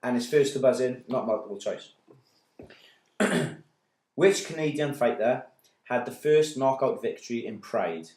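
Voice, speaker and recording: A man hosting a pub-style quiz on a podcast, reading questions deliberately. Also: mid-range voice, animated, darkish tone. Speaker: quiz host. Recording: echoey room.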